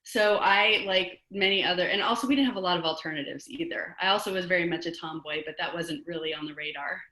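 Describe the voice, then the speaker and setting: Bright-voiced woman rabbi telling her story. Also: lowish voice, fast, roomy sound, rough recording. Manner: earnest, reflective, with gentle humor. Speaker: rabbi, interview guest. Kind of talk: personal storytelling in conversation.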